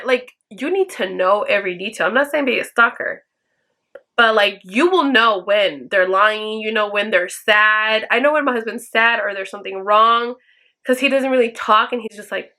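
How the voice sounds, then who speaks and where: A woman's voice: fairly high pitch, moderate pace, pushed and bright. A woman talking straight to her viewers, giving blunt, profane advice in a casual chat and acting out the lines she quotes. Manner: acts out quoted lines in a raised voice. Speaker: vlogger answering viewer questions.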